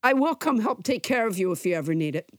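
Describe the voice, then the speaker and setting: A woman in her sixties co-hosts a casual chat, chatty and quick to joke. Her pitch moves around a lot, and the sound is dry and close. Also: expressive, no room sound. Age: 60s. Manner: chatty, joking, frequent laughs. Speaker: podcast co-host.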